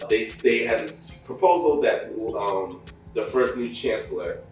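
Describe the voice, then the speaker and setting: A man with a lowish voice chats through a podcast review, retelling scenes with lively bursts whenever he acts out a character. The room rings with heavy echo and he sits well back from the mic. Faint music runs underneath. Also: measured pace, recorded from a distance. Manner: animated retelling, jumps up in pitch and volume to act out characters' lines. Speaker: podcast co-host reviewing a cartoon series. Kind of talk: casual review chat.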